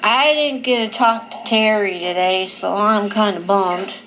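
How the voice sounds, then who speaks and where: A woman's voice: medium pitch, a bit bright. A medicated woman in a loopy, drowsy state, filming herself casually in her living room at night. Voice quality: slow, drawn-out, slightly slurred talk. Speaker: vlogger. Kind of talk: casual home video. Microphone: handheld camera. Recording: noisy home camcorder.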